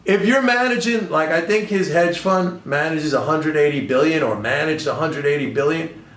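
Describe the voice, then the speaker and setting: An older man, a trader who hosts his own podcast, delivers a casual commentary monologue that's sarcastic, exasperated and rambling. His voice is a little high and a bit bright, and the room is echoey.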